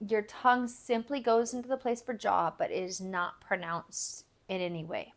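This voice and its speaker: A woman's voice: mid-range voice, animated, normal speed. A woman giving a recorded phonics lesson, patiently explaining step by step and repeating example words for learners. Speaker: language teacher.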